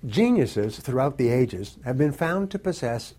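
A man reads documentary narration in a measured, explanatory tone. His voice is husky and its pitch moves with some life. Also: sing-song, dark tone. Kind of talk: scripted narration.

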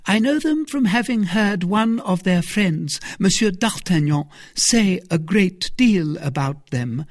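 A reader voicing a cunning, deceitful noblewoman in a storybook reading, with a raised, expressive character voice. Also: medium pitch, slow pace, dry recording, clean studio sound, voice pushed up. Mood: stammering.

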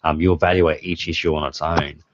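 Podcast host, man, forties, very low voice, rambling anecdotes, dry dull lo-fi recording. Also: level tone, fairly quick, no room sound. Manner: rambling storyteller, laughs often. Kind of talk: casual chat.

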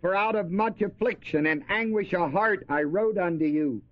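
High-voiced man preaching a sermon. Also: moderate pace. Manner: asks the audience questions and answers them; repeats key words for emphasis. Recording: dry, dull lo-fi recording.

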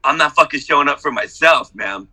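Profane, exuberant man with a bright voice. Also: animated, fairly quick, husky, low-quality recording. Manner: profane, exuberant, hype-man energy swinging from low confession to shouting. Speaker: workshop participant. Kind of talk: emotional testimonial on a group video call.

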